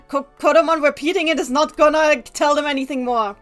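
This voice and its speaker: Chatty high-voiced woman streamer. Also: steady tone, brisk, a bit bright, faint music behind. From Germany. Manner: chatty, reads chat aloud, rambling asides. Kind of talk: gameplay livestream commentary.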